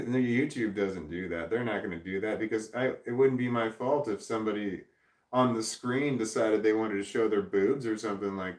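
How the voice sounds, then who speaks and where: An American man hosting a casual livestream, reading viewer comments aloud and rambling, thinking out loud and trailing off. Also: on the low side, echoey room, distant mic. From United States. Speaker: livestream host.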